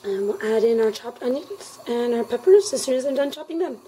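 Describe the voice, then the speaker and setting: A woman's voice: fairly high pitch, expressive, a little fast, dark tone, a little hiss or hum, poor audio. A woman hosting a home cooking video, chatting playfully with jokey asides while she chops and stirs in her kitchen. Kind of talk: casual cooking demo.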